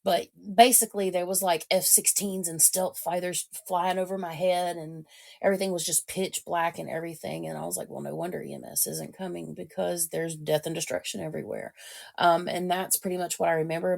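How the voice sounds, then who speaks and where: Female podcast co-host with a gravelly texture, hesitant storyteller. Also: fairly low pitch, darkish tone. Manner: hesitant, frequent ums. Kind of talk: casual storytelling.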